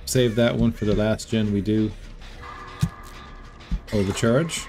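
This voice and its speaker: A man giving relaxed, casual commentary while playing a game, muttering asides to himself. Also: on the low side, takes it slowly, soft background music. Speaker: gameplay commentator.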